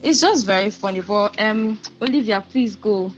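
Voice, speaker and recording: A woman with a Nigerian accent hosting and moderating a book club discussion in a brisk, conversational way. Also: medium pitch, lo-fi sound, faint music behind.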